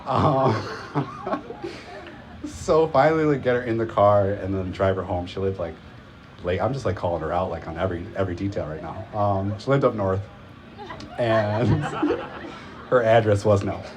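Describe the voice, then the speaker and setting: A man's voice: lowish voice, moderate pace, long pauses. A man casually telling a rambling personal story at a live event, full of filler words and profanity.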